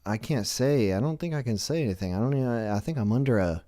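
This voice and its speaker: A man's voice: mid-range voice, expressive, fast talker, mellow, no echo, clean studio sound. A man hosting a live stream, rambling through a self-deprecating comedic monologue full of restarts. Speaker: livestream show host.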